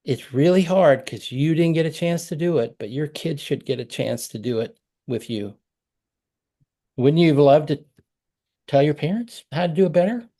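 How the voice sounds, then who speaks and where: A man's voice: fairly high pitch, animated, normal speed, mellow. Man coaching parents over a video call. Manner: conversational, acts out example phrases.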